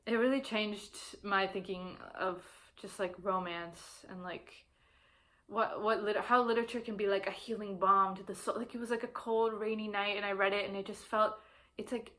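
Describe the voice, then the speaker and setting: A woman's voice: medium pitch, sharp tone. Gushing young woman rambling about books. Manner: rambling and gushing, many fillers and restarts. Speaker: book vlogger. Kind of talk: casual chat about books.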